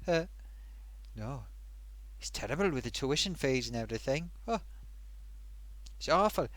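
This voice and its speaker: Chatty, animated man hosting a live stream. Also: mid-range voice, measured pace, long pauses, no room sound. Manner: rambling, chatty, self-amused, many fillers. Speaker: live-stream host reading viewer comments. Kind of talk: casual live-stream chat.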